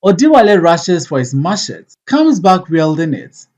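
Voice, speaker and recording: An audiobook reader reading stage directions in a measured, plain way. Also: medium pitch, very animated, darkish tone, highs cut off.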